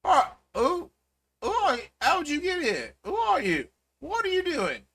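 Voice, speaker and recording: A man voicing a flustered male goblin bank guard in a tabletop game, high and panicky. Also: huge pitch swings, measured pace, creaky, a bit bright, full character voice. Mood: panicked.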